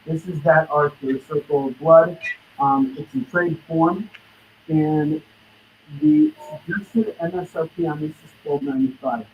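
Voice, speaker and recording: A man's voice: fairly high pitch, expressive, a little slow, a little hiss or hum. A man hosting a live comic book sale, running through titles and prices in hustling sales patter. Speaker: host selling comics on a live stream. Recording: distant dull lo-fi stream audio.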